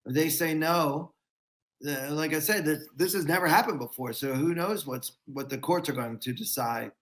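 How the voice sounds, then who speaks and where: A man who is a comedian guest on a podcast, explaining his views in a thoughtful, measured way. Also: a little high. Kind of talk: casual podcast chat.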